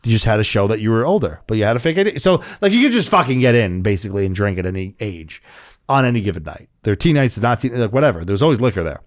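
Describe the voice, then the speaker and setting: A man's voice: on the low side, lively intonation, quick pace. A young man hosting a podcast, telling a rowdy story in casual, profane chat and acting out the voices of the people in it. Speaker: podcast co-host.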